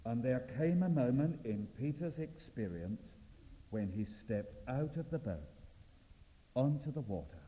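A male preacher giving an evangelistic sermon, swinging from loud exclamations to hushed, intimate appeals. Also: mid-range voice, very animated, unhurried. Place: church or meeting hall. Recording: reverberant, dull lo-fi hall recording.

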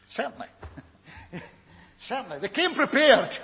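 This preacher's high voice is sing-song and a bit bright, and he keeps a measured pace as he dramatizes the story and fires rhetorical questions at the congregation. The sound is dull and lo-fi, with the echo of a large hall.

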